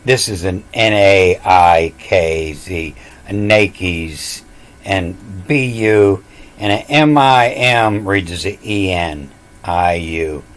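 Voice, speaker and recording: A self-taught scripture reader with a deep, low voice gives an informal lecture, spelling out letters one by one. He speaks slowly and confidently, waving off other teachers.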